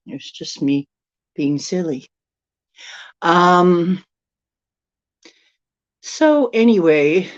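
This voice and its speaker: A woman hosts a live stream from a room at home in a slow, unhurried drawl, with a somewhat low voice. She rambles chattily and greets her viewers by name. The stream audio is dull and lo-fi. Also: darkish tone. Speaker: livestream host. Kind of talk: casual live-stream chat.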